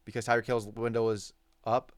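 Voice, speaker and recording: A man's voice: lowish voice, little pitch movement, fairly quick, no echo, clean studio sound. A man giving heated, profanity-laced reaction commentary on sports news, repeating himself for emphasis. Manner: profane, ranting, repetitive emphasis.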